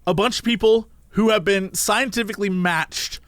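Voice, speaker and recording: A man's voice: high voice, normal speed, no echo, studio quality. A man co-hosting a podcast, casually chatting and acting out quotes as he tells stories. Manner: animated storytelling, acting out quotes. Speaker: podcast co-host. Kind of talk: casual chat.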